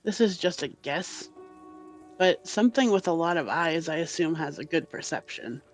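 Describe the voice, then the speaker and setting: A man's voice: fairly high pitch, animated, normal speed, faint music behind. A man playing a tabletop game, tentatively guessing and hedging in casual chat. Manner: hesitant, tentative.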